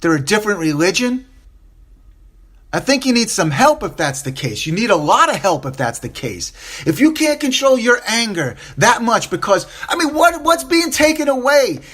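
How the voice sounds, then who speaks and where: A man's voice: sits high, sing-song, normal speed, a bit bright. A man hosting a solo opinion podcast, upset and impassioned, repeating phrases for emphasis and stumbling over restarts. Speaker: podcast host.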